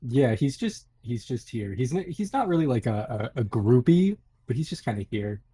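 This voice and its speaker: A man's voice: mid-range voice, big pitch swings, moderate pace, mellow, slight background noise. A man playing in a tabletop game, speaking in character in a brash, sardonic way. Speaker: player.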